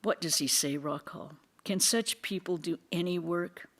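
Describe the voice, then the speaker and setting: A reader voicing a spirited elder monk who teases and commands his brother monks, with lively, emphatic scolding. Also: mid-range voice, measured pace.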